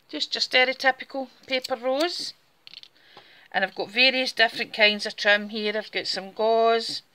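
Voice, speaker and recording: Bright-voiced Scottish Borders woman crafting. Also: mid-range voice, clean tone. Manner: chatty, talks while working with her hands. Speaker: craft tutorial host. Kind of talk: casual step-by-step craft demonstration.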